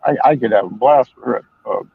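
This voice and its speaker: A man's voice: medium pitch, fast, gravelly, husky, no echo. An older man chatting casually as a stream host, telling rambling, profane stories. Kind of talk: casual chat. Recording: dull lo-fi sound.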